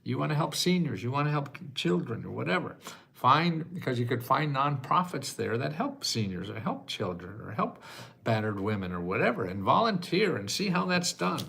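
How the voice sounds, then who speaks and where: An American man in his eighties hosting a casual livestream chat, self-mocking and quick to laugh, sometimes choking up with emotion. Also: mid-range voice, very animated, vocal fry, a bit bright. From United States. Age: 80s. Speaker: host answering viewer questions.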